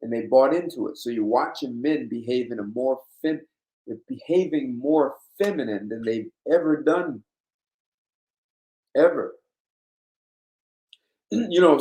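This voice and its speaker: Guy ranting blunt and emphatic, middle pitch, roomy echo on the mic. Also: slow, pauses often, darkish tone. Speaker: host. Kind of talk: casual monologue.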